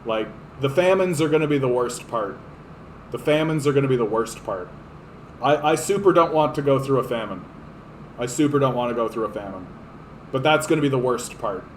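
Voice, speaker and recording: A man's voice: mid-range voice, lively intonation, brisk, a little hiss or hum, rough recording. A man hosting a livestream, delivering an impassioned, profane political rant that repeats itself for emphasis. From Canada. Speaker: livestream host. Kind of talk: ranting political livestream monologue.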